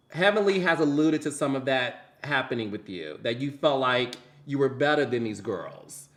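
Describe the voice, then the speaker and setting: A man hosting a podcast interview, asking pointed questions in an animated, theatrical way. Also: mid-range voice, normal speed, few pauses. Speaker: podcast host.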